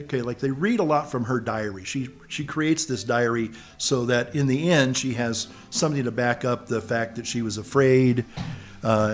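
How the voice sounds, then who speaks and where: Rambling man musing on a film. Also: medium pitch. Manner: rambling, halting, hunts for words and restarts often. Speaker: channel host. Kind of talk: casual film commentary monologue.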